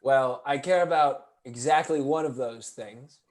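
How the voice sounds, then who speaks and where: A man's voice: mid-range voice, unhurried, a little mellow. A man performing live improv comedy in a dry, blunt, mock-stern way.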